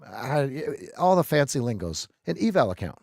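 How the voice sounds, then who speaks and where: A man talking over a live trading session at a middle pitch, close to a dry, dead-sounding mic. He is animated and playful, teasing his chat and repeating words as he goes. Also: moderate pace, gravelly, dry recording. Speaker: trading stream host. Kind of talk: live stream commentary.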